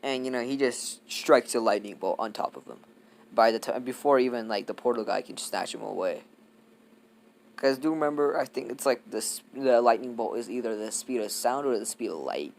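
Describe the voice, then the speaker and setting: A man's voice: mid-range voice, moderate pace, vocal fry, a little hiss or hum. Rambling, profane young man telling a story. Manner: rambling, profane, heavy on fillers. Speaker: YouTube storyteller. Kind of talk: casual improvised fan-fiction storytelling.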